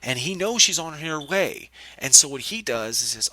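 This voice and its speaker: A man's voice: on the high side, brisk, few pauses, dry recording. A man telling a story in a casual vlog rant, angry and profane, acting out the people he quotes. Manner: angry, profane, animated retelling. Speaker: vlogger.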